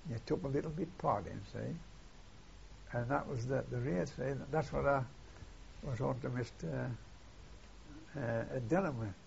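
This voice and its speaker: Gravelly old man recalling wartime. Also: medium pitch, unhurried, long pauses, a little mellow, slight background noise. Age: older. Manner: rambling, tags "see?" and retells dialogue. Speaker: war veteran interviewee. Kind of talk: oral history interview. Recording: dull lo-fi archive tape.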